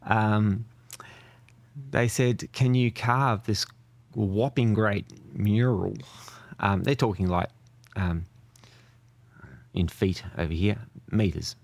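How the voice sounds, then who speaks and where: An Australian man with a fairly low voice, chatting as an interview guest. He tells his stories in a relaxed way and pauses now and then. The recording is dry and close, with no echo. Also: gravelly. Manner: relaxed storytelling with hesitations. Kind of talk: casual interview chat.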